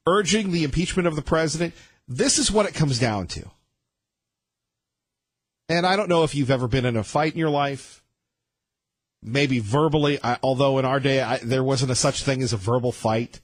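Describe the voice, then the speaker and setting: A man's voice: on the high side, moderate pace, long pauses, dry recording. A male talk radio host in a studio, delivering an emphatic, rambling monologue with many restarts.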